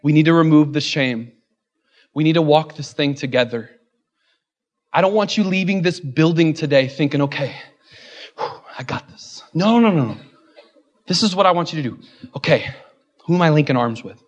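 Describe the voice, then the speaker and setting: In a church, a high-voiced male pastor preaches a sermon at a fairly quick pace, heard through a muffled recording. He slips in playful, joking asides before climbing into fervent, repeated refrains.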